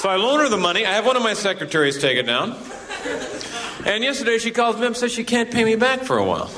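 A man's voice: sits high, big pitch swings, fast talker, crowd noise. A man doing stand-up comedy with indignant, exasperated punchlines. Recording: live club recording, loud audience.

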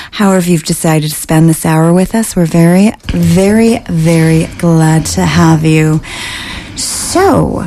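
A woman's voice: on the low side, warm tone, slight background noise. A woman hosting a community radio show, bubbly and giggly, stretching words for emphasis. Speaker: radio host. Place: radio studio booth.

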